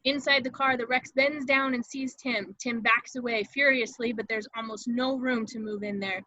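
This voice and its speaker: Brief: female narrator, dramatic stage-direction reading, bright, slightly high voice, dry, muffled lo-fi mic, amateur table read. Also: steady tone, moderate pace, no echo.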